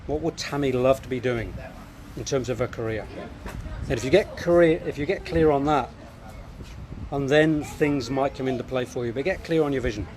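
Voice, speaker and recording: A man's voice: medium pitch, moderate pace, darkish tone. A man, hosting a live show and coaching viewers with earnest, reflective answers. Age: 50s. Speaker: host.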